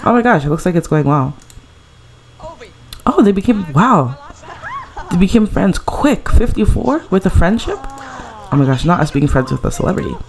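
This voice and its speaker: A woman's voice: fairly low pitch, sing-song, moderate pace, long pauses, darkish tone. A woman giving casual, gushing commentary over a life-sim game she plays at home, chatting and laughing often. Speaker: let's play creator.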